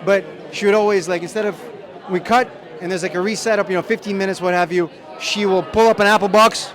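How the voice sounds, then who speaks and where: A man with a high voice tells chatty, self-deprecating anecdotes in an interview. He is a film director at an outdoor premiere. A crowd chatters loudly behind him. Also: fairly even intonation, fast. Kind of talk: press junket interview.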